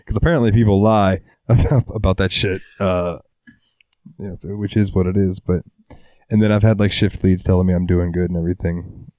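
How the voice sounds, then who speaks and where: A man's voice: low voice, fairly even intonation, a little fast, mellow, dry recording. Laid-back young man with a strained voice. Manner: laid-back, swearing, throat-clearing. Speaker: podcast co-host. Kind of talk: casual chat.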